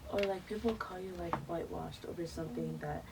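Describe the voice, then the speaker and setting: A teenage girl from Nigeria telling stories in a casual group discussion, gently wry. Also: fairly low pitch, steady tone, brisk, vocal fry. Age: teens. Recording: distant mic with background noise.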